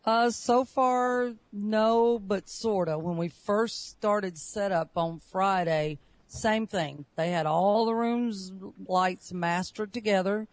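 A woman's voice: mid-range voice, takes it slowly, few pauses, no room sound. A woman from Alabama with a Southern accent, an event organizer chatting easily in an interview. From Alabama, USA. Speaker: convention organizer. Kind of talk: interview on a podcast.

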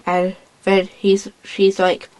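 A woman in casual chat, retelling a story in a rambling, excitable way, acting out lines as she goes. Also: medium pitch, slow, low-quality recording.

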